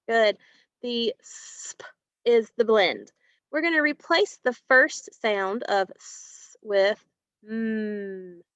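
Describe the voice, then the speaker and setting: A woman teaching a phonics lesson, slowly stretching out and repeating sounds and words, and praising her students. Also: medium pitch, a bit bright, dry recording. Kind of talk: slow, clearly enunciated phonics lesson. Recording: dry, dull lo-fi recording.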